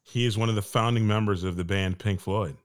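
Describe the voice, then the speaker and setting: A man's voice: fairly low pitch, fairly even intonation, brisk, clean tone. A man co-hosting a casual podcast chat, teasing the others and chuckling, with some swearing. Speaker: podcast co-host.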